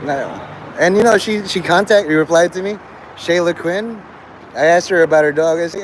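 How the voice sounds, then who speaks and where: A man's voice: fairly high pitch, normal speed, slight background noise, low-quality recording. A man hosting a livestream, talking to his chat in a crude, rambling way and laughing at his own jokes. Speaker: livestream host.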